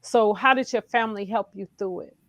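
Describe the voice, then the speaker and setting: A woman's voice: mid-range voice, a little fast, no echo. A woman hosting a talk show, who affirms her guest and thinks aloud as she talks. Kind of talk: casual interview chat.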